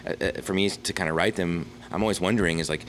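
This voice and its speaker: A man's voice: low-pitched, quick pace, fairly bright tone, slight background noise. A man talking as a guest in a casual interview, rambling with many restarts and fillers. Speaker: guest filmmaker.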